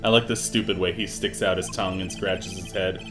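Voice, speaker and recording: A man's voice: deep voice, fairly even intonation, a little fast, music in the background. A man giving casual, amused commentary while playing through a game. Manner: amused, chatty asides. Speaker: let's play host.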